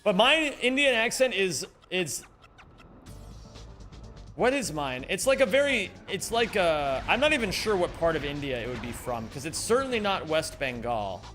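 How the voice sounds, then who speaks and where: A man streaming a speedrun live, chatting with viewers in an animated, joking way and swearing casually. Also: high-pitched, moderate pace, faint music behind. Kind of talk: live-stream chat while gaming.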